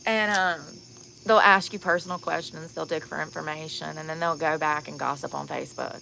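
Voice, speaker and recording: A woman's voice: deep voice, steady tone, brisk, creaky, sharp tone, slight background noise. A tired, sunburnt woman vlogging outdoors at night, telling stories bluntly and candidly and laughing often. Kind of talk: casual outdoor storytelling vlog.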